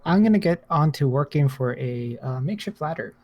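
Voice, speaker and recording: A man's voice: fairly high pitch, animated, fairly quick, a little mellow. Easygoing male tabletop player. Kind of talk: casual tabletop game chat.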